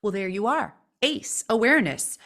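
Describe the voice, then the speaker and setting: Expressive woman podcast co-host. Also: mid-range voice, normal speed. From California. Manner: expressive, plays with intonation to demonstrate. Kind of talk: casual podcast conversation.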